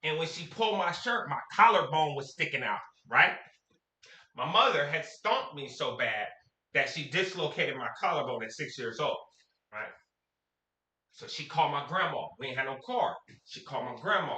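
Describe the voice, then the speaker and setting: A man's voice: on the high side, normal speed. A man from Sacramento telling a story to camera in a casual, slangy way, acting out the quotes. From Sacramento, California. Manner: animated, slangy, acts out quotes. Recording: echoey room.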